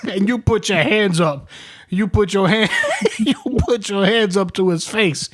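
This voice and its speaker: A man's voice: high voice, a little slow, fairly bright tone. A man hosting a podcast, telling a story in casual chat, laughing constantly, swearing, and repeating himself. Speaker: podcast host. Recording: faint background noise.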